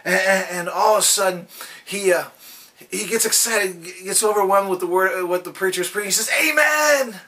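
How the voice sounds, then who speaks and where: A man with a high, bright and forceful voice gives a daily devotional, telling folksy anecdotes along the way. He sounds a little distant from the microphone. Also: steady tone, fairly quick. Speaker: devotional speaker.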